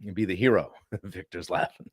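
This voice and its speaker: A man hosting a live-stream coaching talk, animated and often clearing his throat. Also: low voice, normal speed, no room sound, studio quality. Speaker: sales coach and show host.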